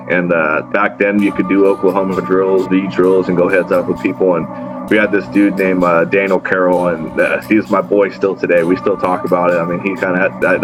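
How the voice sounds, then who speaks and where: A man's voice: sits low, low-quality recording. A man speaking as a podcast guest, telling stories casually and bluntly, swearing freely and laughing along. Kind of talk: casual storytelling.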